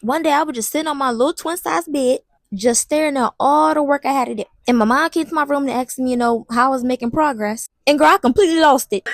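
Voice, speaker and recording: High-voiced woman telling a dramatic story. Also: fast, no echo, studio quality. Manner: animated and dramatic, talking straight to the viewer; slangy and blunt, with some swearing. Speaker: vlogger. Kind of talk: casual storytime.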